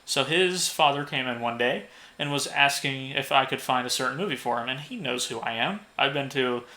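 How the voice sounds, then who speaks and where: Young guy on a podcast rambling through a work story, bright voice, swears a lot, cracks up at himself. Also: mid-range voice, moderate pace. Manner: swears freely, laughs at own stories, acts out quoted lines. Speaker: podcast co-host. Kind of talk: casual storytelling.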